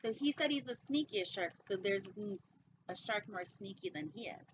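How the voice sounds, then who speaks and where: A woman's voice: mid-range voice, expressive, normal speed. Playful woman reading a picture book aloud. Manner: playful, silly, chatty with asides and jokes. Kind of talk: storytime read-aloud with chatty asides. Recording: dull lo-fi sound with faint noise.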